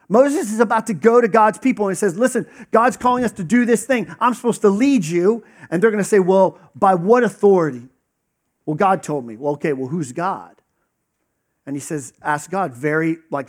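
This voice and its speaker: A man preaching a conversational sermon, teaching casually with lots of fillers and acted-out dialogue. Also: sits high.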